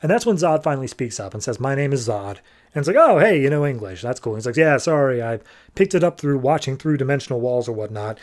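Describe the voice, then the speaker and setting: A man's voice: medium pitch, sing-song, fast talker. Casual man recapping a comic. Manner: loose, rambling retelling full of "like" and paraphrased dialogue. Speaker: comic book podcast host.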